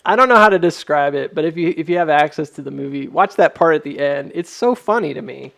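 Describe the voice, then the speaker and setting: Creaky-voiced man rambling on a livestream. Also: on the high side, quick pace, fairly bright tone. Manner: rambling, filler-heavy. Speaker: livestream host. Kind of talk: casual livestream chat.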